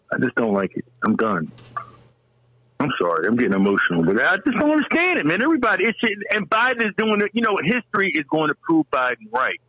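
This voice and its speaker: Excitable rambling man. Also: mid-range voice, slightly rough, dry recording, dull audio. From American South. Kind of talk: casual chat.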